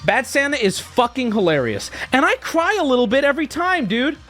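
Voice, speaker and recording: A man streaming live, ranting casually to his chat with animated swings between mock outrage and joking. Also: extremely high pitch, brisk, faint music behind.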